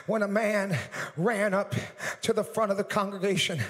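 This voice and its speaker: A middle-aged male evangelist preaching a sermon with rising, shouted passion, full of repeated phrases and "uh" fillers. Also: high-pitched, fairly even intonation, normal speed, big-room sound. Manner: impassioned preaching that builds to shouting; frequent "uh" fillers and repetition.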